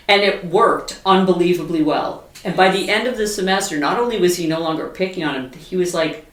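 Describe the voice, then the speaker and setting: A woman's voice: on the low side, normal speed. A woman hosting an interview, affirming her guest and asking follow-up questions. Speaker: podcast host, interviewer. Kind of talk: conversational interview. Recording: echoey room, distant mic.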